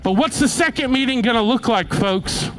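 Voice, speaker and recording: A man's voice: very high voice, animated, moderate pace, rough recording. A man speaking at a political meeting, addressing the crowd directly and building emphasis as he goes. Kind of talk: rousing rally speech.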